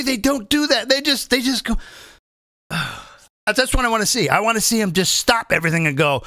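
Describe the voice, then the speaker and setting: A middle-aged man, a comedian hosting his own show, delivering an animated, profane, sarcastic comedic rant. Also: very high-pitched, brisk, dry recording, clean studio sound. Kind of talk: ranting comedic monologue.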